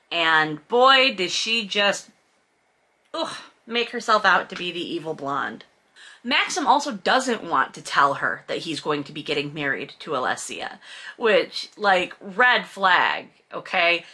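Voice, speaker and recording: A woman recaps a book with heavy sarcasm and frequent swearing, and her voice climbs into indignant rants. Her voice is bright and forceful. She talks casually, as if to regular listeners. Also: mid-range voice. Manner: sarcastic, exasperated, swears often; bursts into loud indignant outbursts.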